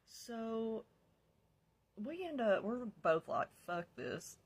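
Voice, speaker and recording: A woman's voice: a little high, sing-song, takes it slowly, slightly rough. A woman telling her own past in a candid, casual way, sometimes dropping to a whisper. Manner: candid, drops to a whisper when quoting herself, laughs in places. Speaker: storyteller recounting her past. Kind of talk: casual personal storytelling.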